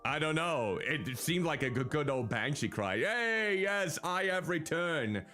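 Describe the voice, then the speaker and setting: A man's voice: a little high, expressive, measured pace, bright, forceful tone, faint music behind. A man hosting a game stream in casual chat, playful, sometimes babbling mock game dialogue. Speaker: streamer host.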